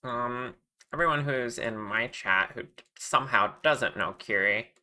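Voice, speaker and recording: Friendly live streamer, unhurried delivery, very bright edge, chatty with chat. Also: medium pitch. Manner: friendly, chatty, laughs often, greets viewers. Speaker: streamer and 3D modeler.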